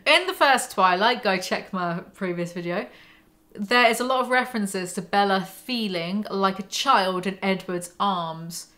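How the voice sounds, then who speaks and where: A book commentary host with a mid-range voice speaks at a measured pace in a bright, forceful tone. Hosting a book breakdown, she reads passages aloud and adds sarcastic, mocking asides.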